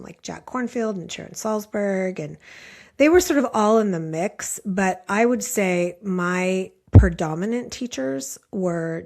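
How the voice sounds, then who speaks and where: Earnest woman in her late fifties. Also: on the low side. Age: late 50s. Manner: earnest, thoughtful, frequent "like" fillers. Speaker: podcast guest, meditation teacher. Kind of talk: reflective storytelling in conversation.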